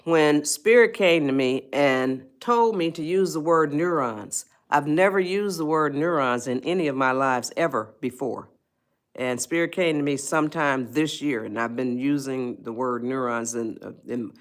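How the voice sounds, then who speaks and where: A woman's voice: very deep voice, a little slow. Chatty woman live-streaming to viewers. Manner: chatty, coaxing viewers, restarts and rewinds. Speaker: livestream host, life coach.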